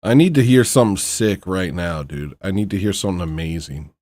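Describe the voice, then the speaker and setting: A man's voice: deep voice, animated, fairly quick, a little mellow, dry recording. A man hosting a casual livestream, rambling and muttering to himself in a frustrated way. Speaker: livestream host.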